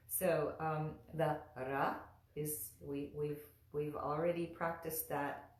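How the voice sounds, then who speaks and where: Low, slow-paced woman teaching chant pronunciation. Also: flat delivery, a little mellow, roomy sound. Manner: patient, repeats syllables slowly for practice. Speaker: mantra teacher. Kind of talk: live online pronunciation lesson.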